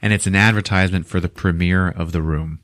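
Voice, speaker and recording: A man hosting a podcast, recapping a movie in a casual, animated way and swearing freely. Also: low voice, quick pace, no room sound, studio quality. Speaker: podcast host.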